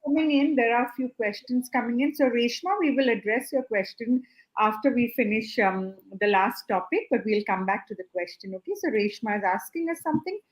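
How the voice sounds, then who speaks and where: A woman hosting a live-streamed chat over a video call, talking in a friendly, halting way. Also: fairly high pitch, low-quality recording. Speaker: host.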